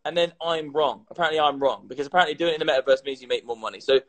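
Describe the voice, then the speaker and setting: A man chatting casually on a livestream, tipsy and animated, swearing and repeating himself as he talks. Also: a little high, racing, rough recording. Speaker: crypto content creator.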